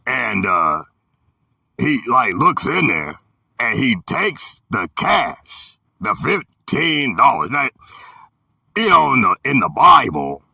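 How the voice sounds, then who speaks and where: A man in his fifties telling a story in an emphatic, preachy way, sometimes shouting, with a gravelly, raspy voice. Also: mid-range voice, dry recording. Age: 50s. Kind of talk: storytelling talk. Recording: dry and distant from the mic.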